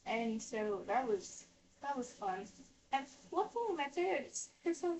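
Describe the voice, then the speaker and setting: A woman's voice: high-pitched, big pitch swings, a little slow. A woman telling a long personal story in casual, rambling talk, restarting her sentences and filling them with "like" while she washes dishes at home. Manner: rambling with many restarts and fillers. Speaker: vlogger. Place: home kitchen, indoors. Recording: voice distant from the mic.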